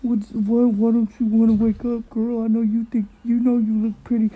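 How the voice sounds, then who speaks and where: A woman's voice: a little high, little pitch movement, moderate pace, breathy edge. A woman doing a sweet-talking boyfriend, tinny. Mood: coaxing. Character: smooth-talking boyfriend waking his girl. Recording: tinny, phone-like sound.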